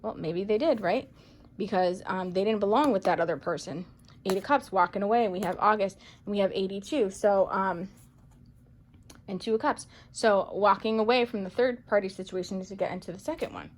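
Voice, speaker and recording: A woman reading tarot cards for viewers in a chatty, playful way, excitable and full of pet names. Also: mid-range voice, moderate pace. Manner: playful, chatty, calls listeners baby girl and boo; excitable, gasps and exclaims over cards. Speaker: psychic medium tarot reader.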